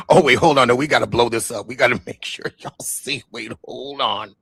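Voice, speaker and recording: A man's voice: mid-range voice, brisk, few pauses, pushed and bright, breathy edge, dry recording, clean studio sound. A man, hosting a reaction show, talking in a casual, mocking way and swearing freely. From the Bronx, New York. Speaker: host reacting to an interview.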